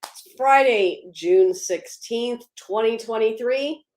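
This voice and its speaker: A woman's voice: fairly high pitch, slow pace, a little mellow, roomy sound. A woman hosting a casual livestream, upbeat, greeting viewers by name and laughing easily between policy updates. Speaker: livestream host.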